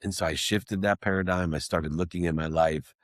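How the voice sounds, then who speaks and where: A man's voice: low voice, steady tone, brisk, no room sound, studio quality. A middle-aged man, a guest in an interview, telling a personal story in an earnest, emphatic way with alliterative phrasing.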